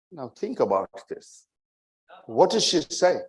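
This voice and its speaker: A man delivers a sermon at an unhurried, deliberate pace, leaning on each phrase. His voice sits a bit higher than most men's. He pushes certain words out with force and keeps asking his listeners "right?". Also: very animated. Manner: slow, emphatic, rising to forceful peaks. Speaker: majlis speaker. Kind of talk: religious sermon.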